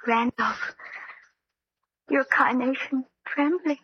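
An actress playing a demure, sweetly flirtatious spinster in a 1940s radio comedy, speaking coyly. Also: female voice, high voice, steady tone, takes it slowly. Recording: hissy lo-fi old radio recording.

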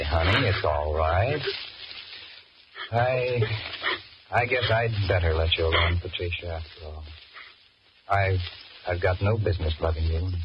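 A jittery, cowardly young husband with a very low voice, stammering through an anxious inner monologue in 1940s radio style. The recording is dull and lo-fi, with a clear hiss. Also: male voice. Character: nervous, cowardly young married man.

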